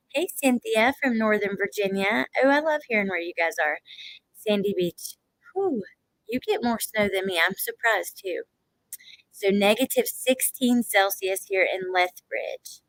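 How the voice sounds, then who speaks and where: A woman's voice: mid-range voice, poor audio. Chatty Southern woman streaming with a runny nose. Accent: Southern American. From Georgia, United States. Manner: chatty, animated, laughs often. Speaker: livestream host reading chat. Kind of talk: casual livestream chat.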